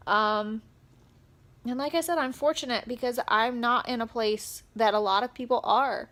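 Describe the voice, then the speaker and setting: A young woman talking straight to camera in a personal vlog, upset and close to tears, speaking haltingly with many pauses and fillers. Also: fairly high pitch, fairly bright tone. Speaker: vlogger.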